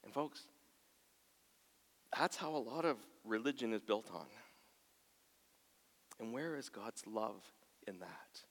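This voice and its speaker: A man preaching a sermon in a church. He moves from soft, near-whispered lines to loud, passionate bursts and acts out quoted voices. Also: on the low side, lively intonation, takes it slowly, pauses often. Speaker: pastor. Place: church sanctuary. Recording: long hall reverb.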